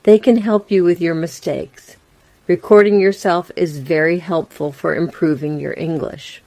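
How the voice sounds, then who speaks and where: A woman narrates a scripted English lesson in a slow, deliberate way, leaving room between phrases. Her voice is mellow and fairly low, and it sounds dry and close with no room around it. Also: fairly even intonation, no room sound. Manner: slow, plain and carefully spaced. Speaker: English teacher.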